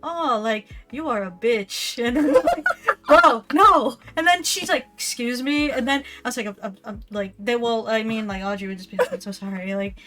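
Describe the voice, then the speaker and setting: A woman co-hosting a casual stream tells anecdotes in a storytelling chat, laughing often and getting animated as she retells them. Her voice is on the high side, fairly quick, with few pauses.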